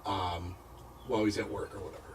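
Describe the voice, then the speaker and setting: A man, a paranormal investigator, telling a personal story as a radio interview guest, halting and repeating words as he goes. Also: fairly low pitch, steady tone, distant mic, slight background noise, rough recording.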